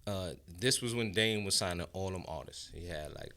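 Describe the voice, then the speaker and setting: A man in his forties from Brooklyn with a New York accent, a podcast guest telling stories in an animated, slangy way with frequent restarts. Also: sits low, moderate pace. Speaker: guest, rapper and producer. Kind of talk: casual storytelling interview.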